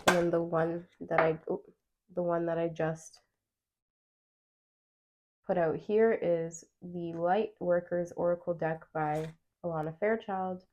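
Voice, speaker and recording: A woman's voice: on the low side, fairly even intonation, a little slow, highs cut off. A woman doing a pick-a-card tarot reading to camera. She talks directly to her viewers in a chatty, encouraging way and reads card meanings aloud. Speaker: tarot reader.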